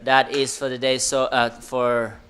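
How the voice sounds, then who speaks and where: A man calls a surf heat live from the commentary booth. His voice sits in an ordinary middle pitch, and his delivery is excitable and loose, with broken phrasing that rushes along with the action. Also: clear, resonant tone.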